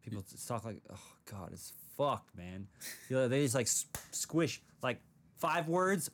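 A man in a casual chat, talking in a profane, animated way with sound-effect words. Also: medium pitch, measured pace.

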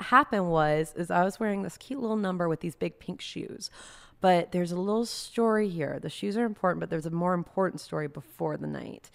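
Gravelly young woman telling rambling stories. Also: on the low side. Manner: rambling, self-deprecating, animated storyteller. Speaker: guest artist. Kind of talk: casual storytelling.

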